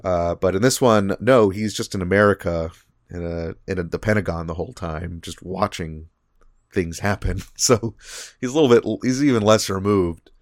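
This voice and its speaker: A man with a fairly low voice co-hosts a casual podcast. He rambles through his points with frequent fillers and restarts. The sound is dry and close. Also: moderate pace, no echo. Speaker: podcast co-host.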